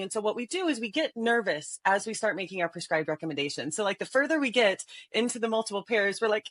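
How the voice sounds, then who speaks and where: A lively middle-aged woman talks casually on a podcast and acts out sample lines in different voices. She laughs often between points. The sound is dry and close, with no room echo. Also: fairly high pitch, a little fast. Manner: animated, laughs often, acts out example dialogue. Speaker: podcast guest, sales trainer. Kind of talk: casual interview talk with demonstrations.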